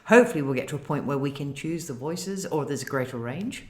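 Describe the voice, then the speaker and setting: Measured speaker, deliberate with pauses. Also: mid-range voice, lively intonation. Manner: measured and deliberate, many ums. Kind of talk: casual chat.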